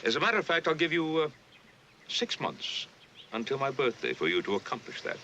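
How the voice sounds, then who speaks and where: A smug, cold slave owner. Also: male voice, mid-range voice, sing-song, brisk, bright, forceful tone, muffled recording, a little hiss or hum. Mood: commanding. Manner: drawling, condescending orders.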